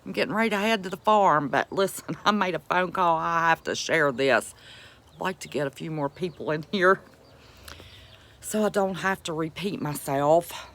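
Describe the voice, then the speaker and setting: A woman's voice: lowish voice, moderate pace, fairly bright tone. A woman with an Appalachian accent, chatting folksily to viewers on a homestead live stream. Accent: Appalachian American. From West Virginia. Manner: folksy, chatty, calls viewers sweetheart and buddy. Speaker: homestead vlogger greeting live chat. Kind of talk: casual live-stream chat.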